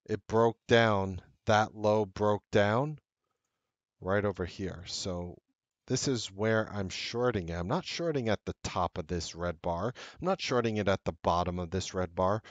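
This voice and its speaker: A man in a trading lesson talks through his charts and leans on repetition to drive each point home. His voice sits a little low. The mic is close and dry, with no room sound. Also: animated, a little slow, no room sound, muffled recording. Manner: emphatic, repeats key points. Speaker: trading strategist. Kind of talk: screen-share trading lesson.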